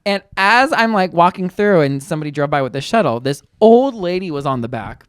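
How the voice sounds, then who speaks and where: A woman's voice: fairly low pitch, fairly quick, clear, resonant tone, no echo, studio quality. A woman in her twenties co-hosting a podcast, telling stories in casual chat and acting out quotes. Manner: animated storyteller, acts out quotes. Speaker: podcast co-host.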